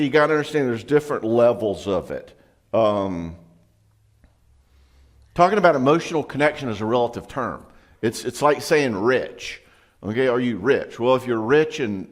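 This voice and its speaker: Folksy man giving a joking seminar. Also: medium pitch. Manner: folksy, joking, acts out quick quotes. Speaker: psychologist and marriage speaker. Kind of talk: humorous seminar talk. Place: meeting hall, to a live audience.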